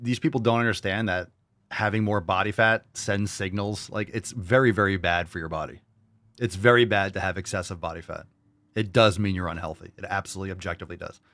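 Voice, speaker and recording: A man's voice: deep voice, fairly even intonation, a little fast, fairly bright tone, dry recording. A man hosting a podcast, reacting to clips with crude, combative, profanity-laced rants. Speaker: podcast host.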